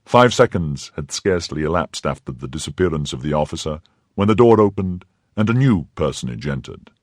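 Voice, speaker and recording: A man reading a classic novel aloud in steady, even narration. His voice is deep and husky, with lively movement in pitch. The recording is close and dry. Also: fairly quick, no room sound. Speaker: audiobook reader. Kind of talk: scripted narration.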